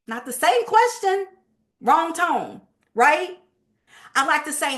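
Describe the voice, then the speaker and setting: Woman, high voice, emphatic sales trainer, quick lively delivery. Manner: lively and emphatic, talks fast by habit. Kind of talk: motivational training talk.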